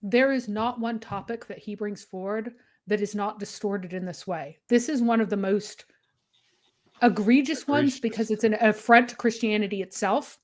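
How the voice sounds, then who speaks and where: A woman's voice: medium pitch, moderate pace. A woman commenting on a livestream discussion, emphatic, listing her points one after another. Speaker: guest commentator.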